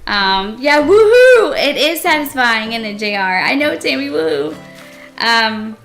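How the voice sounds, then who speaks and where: A woman streaming herself playing a cozy game, chatting casually with viewers and gushing with excitement over what she builds. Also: on the high side, a little slow, soft background music. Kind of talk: casual live-stream chat while playing.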